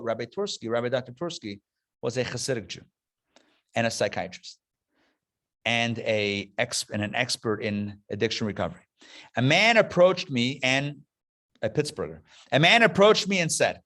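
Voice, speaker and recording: A man's voice: mid-range voice, animated, moderate pace, long pauses, fairly bright tone. A man, a rabbi, giving a passionate live lecture, stressing points with emphatic repetition. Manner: passionate, emphatic, repeats key phrases. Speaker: rabbi teaching a class. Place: classroom before a live audience.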